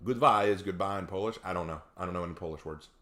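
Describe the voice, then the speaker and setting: A man's voice: low voice, fast talker, a bit bright. A man chatting casually on a live stream, reading viewer comments aloud and telling laid-back stories.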